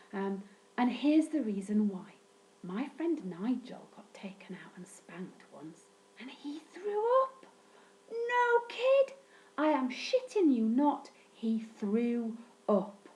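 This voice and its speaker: Wry, sweary woman storyteller. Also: rough recording. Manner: wry, deadpan, sweary humor with sudden pitch jumps. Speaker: vlogger recounting childhood. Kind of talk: casual storytelling monologue.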